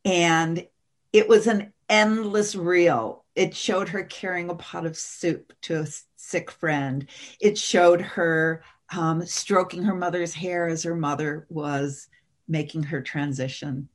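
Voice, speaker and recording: A middle-aged woman with a somewhat low voice tells a story with big, expressive swings and frequent laughter. She talks as an interview guest, and her delivery is dramatic and lively. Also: slow. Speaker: guest, author and seminar teacher.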